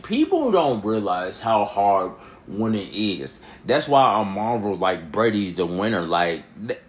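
A young man giving a rambling, casual opinion monologue, rising to near shouts and then dropping to a low mutter. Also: big pitch swings, a little slow. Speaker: vlogger.

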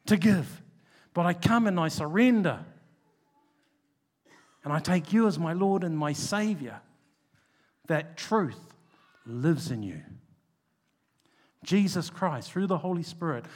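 A man preaching a sermon, stressing key words by slowing down and dropping low and quiet for asides.

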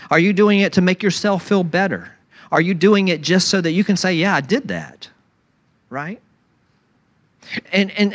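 Guy preaching a sermon, high voice that swings all over, keeps saying right?. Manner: animated, acts out mocking voices of people; repeats "right?" to the congregation.

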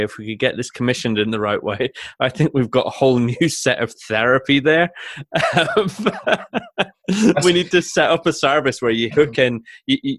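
A man from co-hosts a podcast with a mid-pitched voice, recorded close and dry with no room sound. He chuckles often as he talks. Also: no room sound. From Shetland. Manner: chuckling, warm-humoured, quick to laugh along. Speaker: podcast co-host, mental health nurse. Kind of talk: casual chat.

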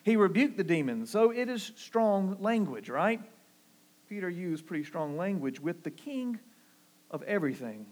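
A man from the American South with a Southern accent, preaching a sermon, rising to emphatic lines and dropping low and soft when quoting. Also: sing-song, moderate pace. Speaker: pastor.

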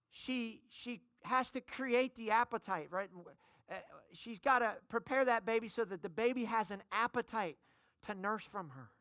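A middle-aged woman pastor preaching a sermon, calling on the congregation to shout amen. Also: on the high side, no room sound, clean studio sound. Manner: preaching, calls for amens from the congregation.

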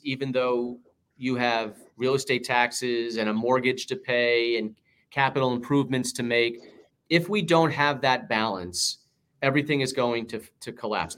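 A man's voice: mid-range voice, a bit bright. A man with a New York accent, a political candidate answering interview questions in punchy, emphatic campaign rhetoric.

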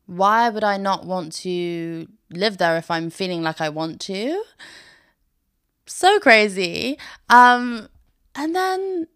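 A young woman with a British accent chats casually into a close mic, bubbly and rambling. Her voice is smooth and clear at a middle pitch. The room sound is dry, with no echo. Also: fairly bright tone. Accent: British English. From Britain. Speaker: podcast host. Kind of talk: casual chatty monologue.

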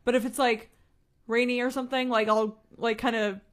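A woman's voice: fairly high pitch, flat delivery, brisk. A woman co-hosting a podcast in casual chat, rambling with lots of "like". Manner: rambling, heavy use of "like". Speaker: podcast co-host.

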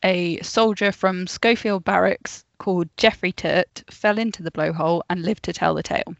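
Woman podcast co-host, lowish voice, storytelling from notes with asides, dry muffled home recording. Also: fairly even intonation, normal speed, creaky, no room sound. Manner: reads from notes, laughs often, chatty asides. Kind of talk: casual storytelling chat.

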